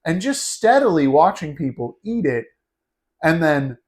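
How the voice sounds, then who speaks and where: A man telling a wild story on a podcast, animated and laughing, calling his cohost "dude" and "bro". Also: a little high, measured pace. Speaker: podcast host. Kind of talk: casual storytelling chat.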